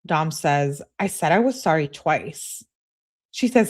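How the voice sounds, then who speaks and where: A woman's voice: low-pitched, lively intonation, takes it slowly, breathy edge. Blunt, sarcastic woman reading texts aloud. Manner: blunt, sarcastic, swears freely. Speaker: true crime commentator. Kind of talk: reading and reacting to text messages on a livestream.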